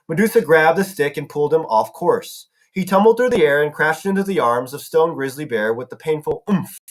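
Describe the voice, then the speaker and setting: A man reading a novel aloud as a narrator, now and then correcting himself. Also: fairly high pitch. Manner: narrating with some self-corrections. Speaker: audiobook reader.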